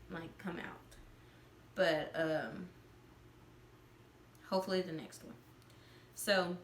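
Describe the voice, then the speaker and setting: A woman's voice: fairly low pitch, bright, forceful tone, a little hiss or hum. A woman vlogger telling a personal story in a casual, chatty way, with lots of "like" fillers. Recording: roomy echo.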